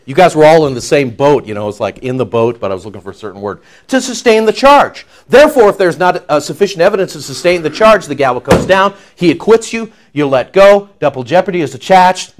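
A man preaching a sermon as pastor, jumping from loud declaiming to quiet asides and joking with the congregation. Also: fairly high pitch, very animated, brisk. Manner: jokes and banters with the congregation.

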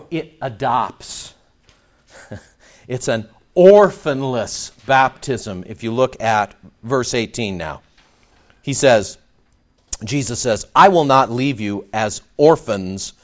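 A man preaching an expository sermon, emphatic and full of rhetorical questions. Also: fairly high pitch. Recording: dull lo-fi recording.

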